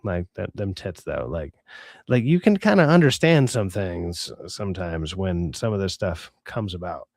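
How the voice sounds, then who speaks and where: A man's voice: sits low, big pitch swings, unhurried, creaky, darkish tone, dry recording, studio quality. A young adult man hosting a livestream, ranting in a profane, exasperated way with many stammered restarts, and reading out chat messages. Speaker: streamer host reading chat. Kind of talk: casual livestream rant.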